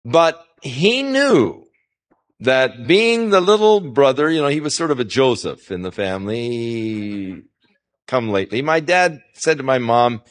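A man's voice: medium pitch, sing-song, a little slow. A male pastor giving a conversational Bible-teaching sermon, folksy and anecdotal, with rising emphasis on scripture. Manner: folksy, anecdotal, chuckles at his own stories.

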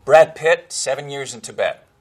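A man giving expressive, technical commentary on film clips, explaining how actors handle accents. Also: medium pitch, normal speed, faint music behind.

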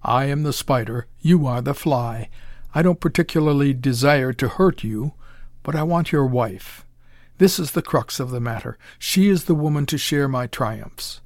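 A smooth, condescending mad-scientist doctor , as a male reader voices him, calm and cheerfully cruel. The voice sits in a middling pitch, and it is recorded dry, close and clean. He sounds like a storybook villain from a pulp tale. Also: moderate pace, no echo, close to an everyday voice. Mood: menacing.

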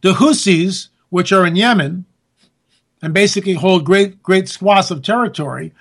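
A man's voice: high voice, moderate pace, a bit bright. A man hosting a talk show, delivering an emphatic, sarcastic political monologue full of rhetorical questions.

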